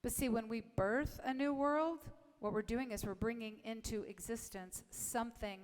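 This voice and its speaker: A woman's voice: fairly high pitch, moderate pace. Woman preacher in a reverberant hall. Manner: warm encouraging preaching, leads congregation in affirmations; asks "right?" often. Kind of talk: sermon. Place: church sanctuary.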